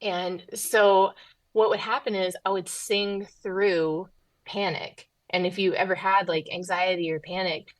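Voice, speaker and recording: A woman's voice: medium pitch, no room sound, rough recording. A woman from Tennessee, a pastor's wife and comedian, telling stories as a guest in a casual podcast interview. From Southern US, Tennessee. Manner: animated storyteller, quick asides.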